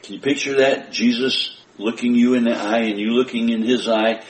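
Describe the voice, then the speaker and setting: A man's voice: medium pitch, moderate pace, fairly bright tone. A man preaching a sermon as pastor, earnest and emphatic, repeating his key phrases and addressing his congregation directly. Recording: roomy church sound.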